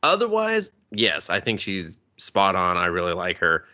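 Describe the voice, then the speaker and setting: A man co-hosting a podcast, recapping a film in casual, profane chat and jumping up high in pitch for jokes. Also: wildly swooping pitch, measured pace, bright, forceful tone. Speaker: podcast co-host. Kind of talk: casual movie review chat.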